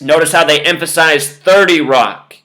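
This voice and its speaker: Male host delivering a step-by-step lecture to camera; bright, sharp voice. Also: on the high side, normal speed. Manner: lecturing, spelling out numbers step by step. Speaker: video host. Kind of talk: monologue commentary to camera.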